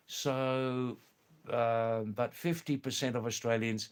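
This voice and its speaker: A man hosting a live stream, answering viewer comments slowly and thoughtfully, with many pauses and fillers. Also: medium pitch, steady tone, clean tone.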